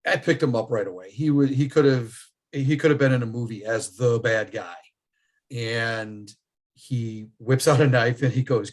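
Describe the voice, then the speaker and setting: A middle-aged man from New York state, a firearms trainer, tells stories in casual conversation and laughs a lot. His voice sits in the mid range at a normal speed, and he's an animated storyteller.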